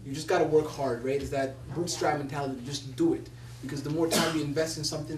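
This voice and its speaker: A young Somali man, a poet laureate, tells stories at a fast clip in a fairly high, fairly even voice, laughing animatedly as he quotes other people. It's storytelling talk, picked up from a distance in an echoey room with a faint hum.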